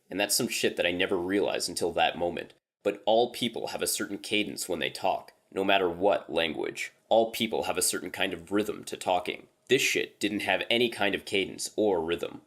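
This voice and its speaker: A man with a very low, deep voice narrates a first-person horror story. His delivery is casual and loose, and the swearing falls easily into the telling. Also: a bit bright.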